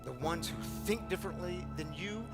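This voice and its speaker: A man with a fairly high voice, middle-aged, preaching with earnest, confessional intensity, dropping low and quiet before pressing hard on a point. His voice rings out in a big hall with a long echo tail, and soft music plays behind him. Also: expressive, moderate pace. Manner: earnest and confessional, swinging from hushed to emphatic with repeated words. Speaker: pastor of a recovery community. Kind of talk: sermon.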